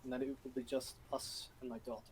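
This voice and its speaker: A weary middle-aged leader of a travelling convoy, a devoted father, as a man puts him on. He talks in a dry, matter-of-fact way in a mid-pitched voice. A faint hiss sits behind him. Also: level tone, quick pace, close to an everyday voice, rough recording.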